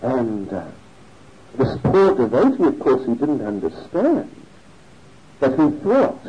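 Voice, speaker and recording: A man telling a religious story in a sermon, animated and given to chuckling. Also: mid-range voice, slow, pauses often, slightly rough. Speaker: religious speaker. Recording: dull lo-fi recording.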